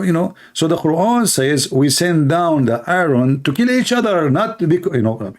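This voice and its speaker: A man giving sarcastic, mocking commentary while reading texts off a screen, speaking English with non-native phrasing and breaking into sudden high-pitched exclamations. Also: expressive, moderate pace, hardly any pauses. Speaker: online commentator.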